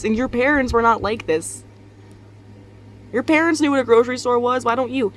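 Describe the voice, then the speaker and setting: Fast and lively in intonation, her fairly high voice carries a young vlogger's candid confessional ramble from her bedroom. She has just gotten out of bed and sounds tired, laughing and swearing frequently, with slight background noise.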